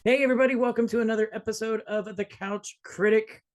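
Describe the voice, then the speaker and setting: A man's voice: high voice, fairly even intonation, faint music behind. Chatty male podcast host. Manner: jokey, quick, restarts often. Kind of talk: casual movie review chat.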